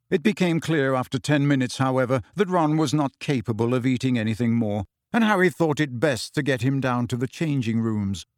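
A man narrating a story at an even, measured pace. His voice sits in a middle pitch, and the recording is dry and close. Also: no room sound. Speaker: audiobook narrator. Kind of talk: scripted narration.

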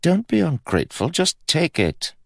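A man's voice: a little high, normal speed, vocal fry, no echo, clean studio sound, pitched above the performer's own voice, full character voice. Man voicing a wry young prince. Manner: teasing, calm, lightly amused. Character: playful, wry young male prince, twenty.

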